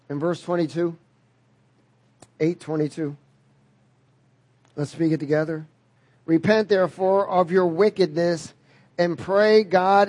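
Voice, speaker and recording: A man's voice: high-pitched, a little mellow, dry recording. A man preaching a sermon in an emphatic way, repeating key phrases and drawing call-and-response from the congregation.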